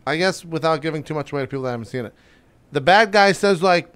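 High, animated young man ranting. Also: fast, smooth. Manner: exasperated, swearing storyteller. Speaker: player and co-host. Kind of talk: casual chat.

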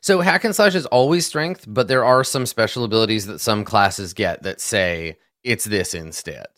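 A man's voice: fairly low pitch, normal speed, fairly bright tone, no echo, clean studio sound. A man in casual conversation, patiently explaining how a tabletop game works and walking through examples step by step. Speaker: experienced player explaining game rules.

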